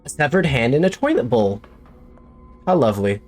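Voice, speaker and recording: A man's voice: medium pitch, very animated, normal speed, faint music behind. A man streaming a horror game, talking to himself in jumpy, joking commentary. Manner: jumpy, talks to himself, jokey. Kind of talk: let's play commentary.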